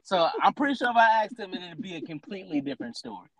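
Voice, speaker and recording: A man's voice: high voice, expressive, fast talker, creaky, fairly bright tone, rough recording. A man in his thirties on a casual adult chat podcast, teasing a co-host with questions and then explaining his opinions at length. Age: 30s.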